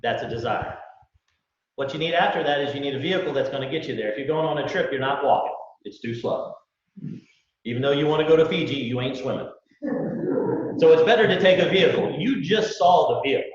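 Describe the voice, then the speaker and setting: Folksy man pitching in an echoey hall. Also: fairly quick. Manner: folksy, acts out dialogues, fires rhetorical questions. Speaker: business owner presenting to recruits. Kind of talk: live sales pitch to an audience. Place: large event room with live audience. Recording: echoey hall, distant mic, dull lo-fi.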